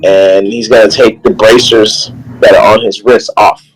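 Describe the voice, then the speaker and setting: A man's voice: lowish voice, fairly even intonation, normal speed, faint music behind, poor audio. A man playing a tabletop game, describing his character's actions. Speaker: player. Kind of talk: casual game chat.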